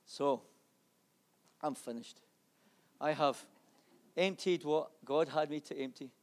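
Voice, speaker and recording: A man preaching in a church, sharing a testimony from the pulpit. His voice sits a little high and carries a gravelly edge. He swings between loud fervour and quiet, intimate moments. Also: takes it slowly. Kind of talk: sermon with personal testimony.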